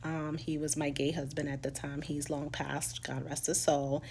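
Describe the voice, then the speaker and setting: Vlogger, female, New York accent, low gravelly voice, frank and profane storytelling, faint room hum. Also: little pitch movement, normal speed, a little mellow. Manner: candid and profane, acts out quoted people in a high voice. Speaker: vlogger sharing her life story. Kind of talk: casual storytelling monologue.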